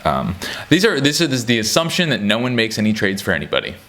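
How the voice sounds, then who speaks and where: A man's voice: fairly low pitch, wildly swooping pitch, quick pace, fairly bright tone, a little hiss or hum. A man giving casual, rambling basketball commentary, joking and restarting often, with many fillers. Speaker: sports commentator. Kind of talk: casual chat.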